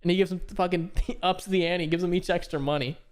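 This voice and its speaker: A man's voice: high-pitched, steady tone, quick pace, clean tone. A man from Florida co-hosting a podcast, chatting casually with mocking, profane humor. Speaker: podcast co-host. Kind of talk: casual chat.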